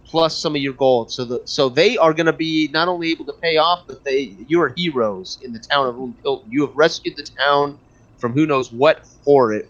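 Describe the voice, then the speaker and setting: A man runs a tabletop game as game master, speaking a touch high for a man and often stopping to restart his sentences. The audio is dull and lo-fi. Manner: halting, many fillers and restarts.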